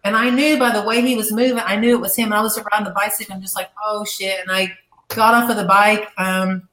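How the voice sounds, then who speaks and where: A woman telling a fight story in an interview, blunt and animated with plenty of swearing. Her mid-pitched voice sounds in an echoey room. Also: fast talker, slight background noise. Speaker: guest.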